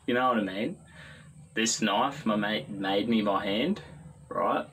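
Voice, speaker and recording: A man's voice: lowish voice, slow pace, fairly bright tone, a little hiss or hum, low-quality recording. A man with an Australian accent voicing a brash, crude, boastful larrikin in a comedy sketch clip. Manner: boastful, swaggering, slangy.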